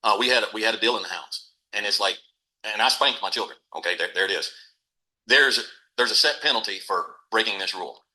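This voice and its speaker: A man's voice: lowish voice, fairly quick, sharp tone, poor audio. A middle-aged man, a podcast guest, telling a folksy, matter-of-fact story about raising his kids. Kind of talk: casual storytelling.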